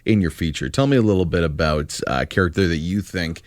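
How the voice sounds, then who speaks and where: A man hosting a radio show in the studio, joking and animated as he interviews a guest. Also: sits low, quick pace, no echo. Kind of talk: casual radio chat.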